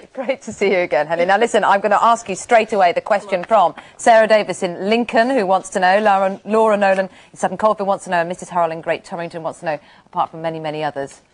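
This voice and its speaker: A woman's voice: mid-range voice, quick pace, low-quality recording. A woman presenting a breakfast TV show, interviewing a guest in an enthusiastic, gushing way. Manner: enthusiastic, gushing, laughs easily. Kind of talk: live TV interview. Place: TV studio.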